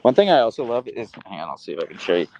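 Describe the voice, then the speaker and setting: A man's voice: lowish voice, big pitch swings, rapid-fire, a little mellow, muffled recording, a little hiss or hum. A man hosting a casual livestream, cooing at his dog in baby talk and reading viewer comments aloud while holding the camera. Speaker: livestream host. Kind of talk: casual livestream chat with pet. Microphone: handheld phone camera.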